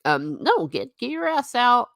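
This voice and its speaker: A woman's voice: a little high, sing-song, unhurried, vocal fry, a bit bright, no room sound, clean studio sound. A middle-aged woman hosting a casual livestream chat, reading viewer comments and laughing often with self-mocking asides.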